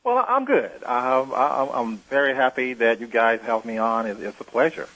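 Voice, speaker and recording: Man guesting on an interview, halting and repetitive starts, dull lo-fi archive sound. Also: mid-range voice, expressive, fairly bright tone. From Mississippi, USA. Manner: hesitant, repeats words before getting going. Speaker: interview guest, former pro basketball player.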